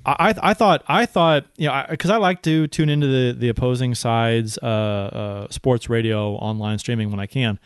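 A man's voice: mid-range voice, normal speed, few pauses, clean tone, dry recording. Guy on a sports podcast, fired up, cussing, keeps tripping over his words, dry close sound. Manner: excitable, swears, many restarts. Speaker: podcast co-host. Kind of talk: casual sports chat.

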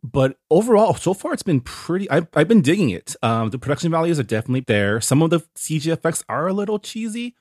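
A man co-hosting a casual podcast, talking in a measured, relaxed way. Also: fairly high pitch, no echo, studio quality. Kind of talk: casual chat.

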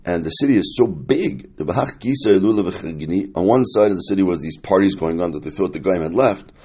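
A man's voice: low voice, animated, fast talker, darkish tone, husky. A man teaching a Talmud lesson, reading the Aramaic and translating it line by line in a casual, explanatory way. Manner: casual, explanatory, with many fillers and Yiddish-Hebrew terms.

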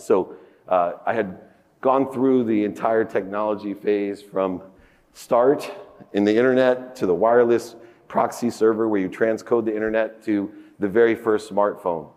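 A man in his fifties giving a motivational keynote speech on a conference stage, telling a personal story with big emotional swings in pitch and loudness. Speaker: keynote speaker. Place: large conference hall stage. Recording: echoey conference hall.

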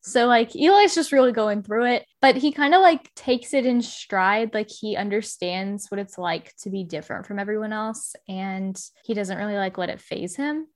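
A woman's voice: medium pitch, normal speed, hardly any pauses. A woman from the American South with a Southern accent, chatting casually as a podcast co-host and laughing now and then. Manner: chatty, many fillers, laughs while talking. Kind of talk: casual chat.

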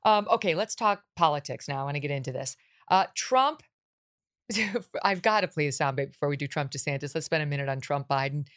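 A woman's voice: sits low, animated, a little fast, a bit bright. A woman hosting a political talk show, talking with sarcasm and mocking asides. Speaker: host.

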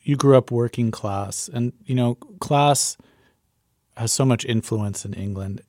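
A man's voice: medium pitch, unhurried, dark tone, dry recording, studio quality. A male radio producer interviewing a guest in a conversational, tentative way. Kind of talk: interview questions.

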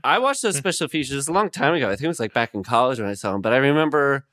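A man who is a guest on a podcast, chatting casually and spinning deadpan, absurd stories. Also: medium pitch, very fast, no room sound, clean studio sound. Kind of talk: casual comedic chat.

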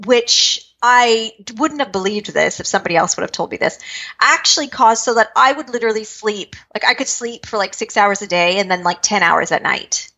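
A woman from British Columbia, Canada, a spiritual medium, telling her life story in an interview, quick-moving and acting out her own past thoughts. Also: medium pitch, expressive, bright, forceful tone. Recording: dull lo-fi recording.

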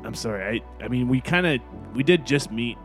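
A man's voice: medium pitch, expressive, fairly quick, soft background music. Self-deprecating man role-playing a hacker. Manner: self-deprecating, apologetic, laughing. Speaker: player voicing a character. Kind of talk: improvised tabletop role-play.

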